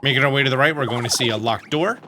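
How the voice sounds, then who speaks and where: A man's voice: mid-range voice, rapid-fire, over music. A man hosting a video game walkthrough, explaining steps in a casual manner.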